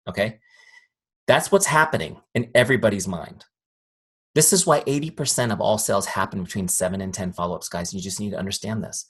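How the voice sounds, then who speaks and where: A man giving a live sales training talk, lively and questioning the audience. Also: lowish voice, brisk, breathy edge. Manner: lively, acts out quoted voices, asks audience questions.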